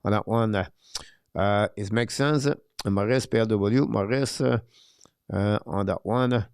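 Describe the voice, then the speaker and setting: A man with a French accent, a native French speaker, hosting a live hockey watch-along show. He reads out viewer questions and answers them haltingly, with many filler sounds. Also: on the low side, a little mellow, smooth, no room sound, clean studio sound.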